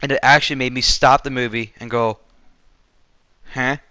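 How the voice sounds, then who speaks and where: A man's voice: mid-range voice, steady tone, fast, pushed and bright, no echo. A man giving a casual, profane, sarcastic rant in a movie review.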